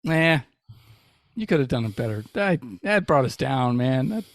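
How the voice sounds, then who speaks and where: A man's voice: mid-range voice, sing-song, brisk, no echo, studio quality. A man hosting a podcast in casual comedic chat, teasing and laughing often. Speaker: podcast host.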